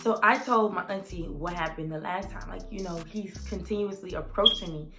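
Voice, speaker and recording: Animated young woman telling a story. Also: on the low side, normal speed, loud music behind the voice. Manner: animated, dramatic retelling with lots of 'like'. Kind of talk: casual storytime vlog.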